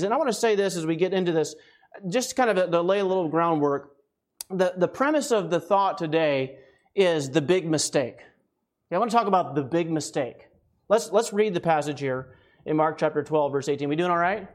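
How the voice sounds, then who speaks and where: A man from the United States preaching a conversational sermon as a guest, often checking in with the congregation, a bit winded. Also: high voice. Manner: conversational, keeps asking "right?".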